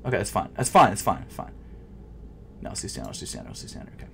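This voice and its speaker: A young man giving casual running commentary as he tries to buy sneakers online, nervous and frustrated, swinging from loud outbursts to quiet mumbling, with keyboard typing behind him. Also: low-pitched, wildly swooping pitch, racing, creaky, very noisy. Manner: nervous, stuttering. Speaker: sneaker vlogger. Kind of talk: casual live commentary while shopping online.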